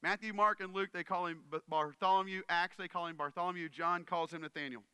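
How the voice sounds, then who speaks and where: A man preaching a sermon with a high, very bright and ringing voice. His delivery is earnest and conversational, and he often turns to the crowd to check they are with him. The sound is clean and close, with no room echo. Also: fairly even intonation, a little fast, clean tone. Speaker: pastor.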